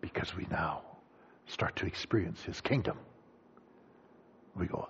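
A man's voice: high voice, measured pace, long pauses, slightly rough. A man preaching a sermon, acting out voices of people he quotes. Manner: animated, acts out quoted voices. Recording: dull lo-fi sound.

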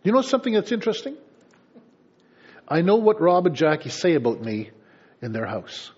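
A man preaching to his congregation, chatty and teasing, slipping into asides and little acted-out scenes. His voice sits a bit high and swings widely in pitch, with a husky edge. The recording is dull and lo-fi. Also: sing-song, moderate pace, a little mellow. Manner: conversational, playful asides to congregation. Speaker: pastor. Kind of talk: sermon.

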